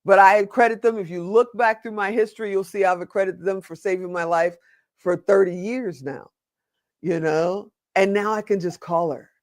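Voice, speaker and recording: A man, a podcast guest, telling a personal story in an earnest way and slowing down to stress his points. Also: sits high, steady tone, no room sound, studio quality. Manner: earnest, slows down for emphasis.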